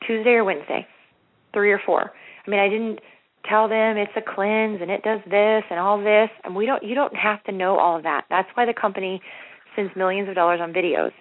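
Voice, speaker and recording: Energetic woman coaching on a conference call, mid-pitched, heard over a tinny phone line. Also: a little fast. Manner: upbeat, energetic, repeats herself, acts out sample phone scripts. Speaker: network marketing leader on a training call. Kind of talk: motivational conference-call talk.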